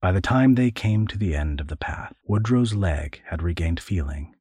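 A man with a very low, husky voice reads an adventure story. His pitch rises and falls widely to follow the action, and the recording is close and dry with no room sound. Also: expressive, normal speed, warm tone, no room sound. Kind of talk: audiobook narration.

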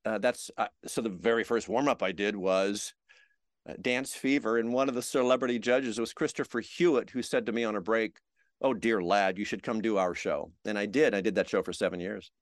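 A middle-aged man telling showbiz stories in an interview, acting out quotes with lively energy. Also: on the low side, fairly quick, no room sound, clean studio sound. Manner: animated anecdotes with acted-out quotes. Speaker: guest, TV host. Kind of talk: storytelling interview.

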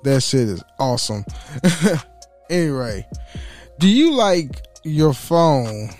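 A man's voice: on the high side, sing-song, slow, darkish tone, soft background music. A man hosting his own podcast, chatting casually, joking, laughing often and swearing loosely. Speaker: podcast host. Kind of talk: casual solo podcast chat.

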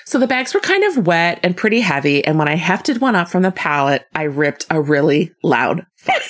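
A woman co-hosting a podcast, reading a listener's letter aloud and often breaking into laughter. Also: sits low. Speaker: podcast co-host.

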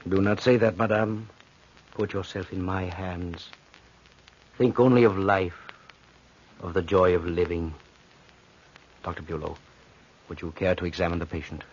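An actor playing a commanding physician and mesmerist who speaks with calm authority and a husky voice in a 1940s radio play, on a dull old broadcast recording. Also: male voice, sits low. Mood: firm. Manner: authoritative, slow and hypnotic when inducing trance.

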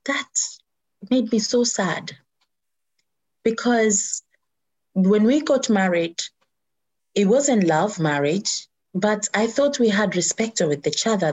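A middle-aged woman sharing a personal story, speaking earnestly and emotionally with halting restarts. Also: medium pitch, darkish tone.

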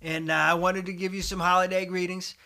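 A middle-aged man hosting a satirical show, talking in a folksy preacher cadence with deadpan humor. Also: sits high, fairly quick. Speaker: comedic host of a satirical show.

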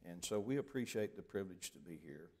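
A low, expressive, slightly mellow voice belongs to an older Southern man from Deep South Alabama, who talks fast. As a visiting preacher at a church sanctuary pulpit, he uses the microphone to tell folksy, joking stories in a drawl to open his sermon.

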